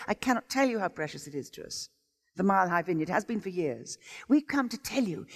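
Lively swoops of pitch mark this woman's enthusiastic sermon as a visiting preacher. Her exclamation-filled storytelling rings out across the church sanctuary, trailed by a long reverb.

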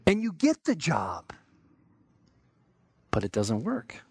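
A man's voice: on the high side, wildly swooping pitch, takes it slowly, long pauses, slightly rough, no room sound. An American man preaching a sermon in a conversational way, acting out everyday people's remarks in quotes. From United States. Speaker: pastor.

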